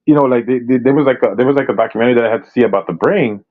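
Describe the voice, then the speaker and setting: Halting man on muffled audio. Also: mid-range voice. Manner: halting, lots of restarts and "like". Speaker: panel participant. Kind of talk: casual chat.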